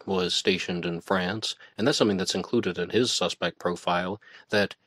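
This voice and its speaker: A man hosts his own podcast and thinks out loud in a relaxed, conversational way. His voice sits very low, and he sometimes trails off or restarts. The sound is dry and close, with no room around it. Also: normal speed, no room sound. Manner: conversational, musing aloud with hesitations. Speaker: podcast host. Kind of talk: casual solo commentary.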